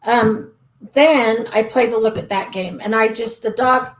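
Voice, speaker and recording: A woman's voice: fairly high pitch, fairly even intonation, measured pace, poor audio. A woman dog trainer answering viewer questions on a live stream, chatty and full of ums, acting out what a dog thinks. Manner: chatty, many ums and restarts, acts out the dog's thoughts. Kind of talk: live-stream Q&A, casual explaining. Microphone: webcam or desk mic on a live stream.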